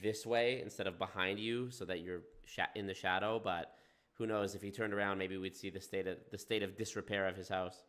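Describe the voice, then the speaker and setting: A man's voice: low voice, steady tone, a little fast, fairly bright tone. A man hosting reaction commentary, crude and mocking, swearing freely. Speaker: commentary host.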